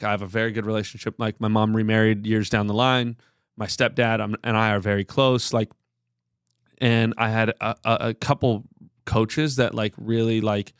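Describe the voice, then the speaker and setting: Man, thirties, low voice, dry close sound, earnest rambling storyteller, podcast guest. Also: clean tone, dry recording. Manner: earnest, rambling, heavy use of filler words. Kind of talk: candid conversational storytelling.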